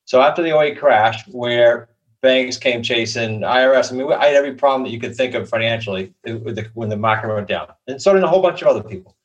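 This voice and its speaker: A man's voice: medium pitch, fast talker, lo-fi sound. A man, answering interview questions in a reflective, conversational way. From Boston area. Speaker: podcast guest.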